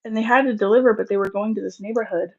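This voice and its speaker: A woman's voice: medium pitch, steady tone, racing. Woman, 30s, casual live-stream co-host, chatty storyteller, lo-fi audio. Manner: chatty storyteller, laughs easily. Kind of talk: casual chat.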